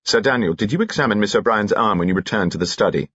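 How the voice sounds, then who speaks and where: A man voicing a calm, methodical male police inspector in an audiobook, quiet and matter-of-fact. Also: lowish voice, fast talker, husky, no room sound, lo-fi sound, pitched above the performer's own voice.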